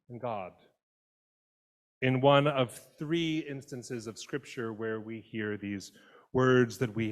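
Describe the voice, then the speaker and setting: A man preaching a sermon in a conversational, expressive way, voicing quoted lines as he goes. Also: medium pitch. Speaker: pastor. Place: church sanctuary. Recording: long church reverb.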